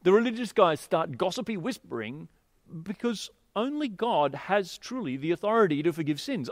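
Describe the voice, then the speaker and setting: A man preaching a sermon, telling a scripture story and explaining it in an expressive, emphatic way. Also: high-pitched, no echo, clean studio sound.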